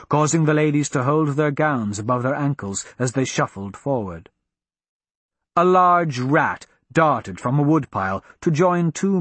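A man reading a story aloud as narrator, with an expressive, varied delivery. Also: medium pitch, husky, no room sound. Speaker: audiobook narrator.

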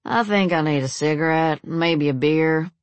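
A woman reading a smug southern army veteran with a slow, lazy drawl. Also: sits low, no echo, lo-fi sound, natural voice.

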